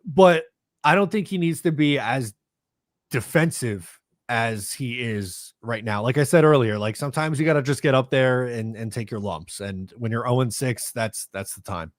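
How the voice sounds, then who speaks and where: A relaxed man hosting a casual sports talk show. He goes over play data and reads out listener comments in an easygoing way. The recording is dry and close. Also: medium pitch, normal speed, dry recording. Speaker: podcast host.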